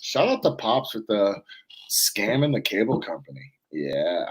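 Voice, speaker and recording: A man from Florida co-hosting a casual wrestling talk show, chatting in a relaxed, rambling way. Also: fairly low pitch, measured pace, slightly rough, rough recording. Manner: laid-back, rambling, mimics voices in a hushed tone. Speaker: podcast co-host. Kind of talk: casual chat.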